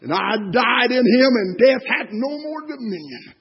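An older man delivers a sermon in a husky, high voice. His pitch leaps and falls as he swings from near-whispers to impassioned shouts. The recording is dull and lo-fi. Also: big pitch swings, measured pace. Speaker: preacher.

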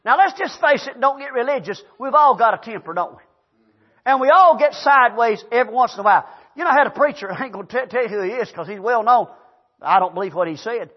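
An older Southern American pastor with a high, reedy voice delivers a folksy storytelling sermon. He shifts between loud calls and hushed asides. The recording is dull and lo-fi. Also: quick pace, breathy edge. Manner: folksy, animated, swings between loud preaching and quiet storytelling.

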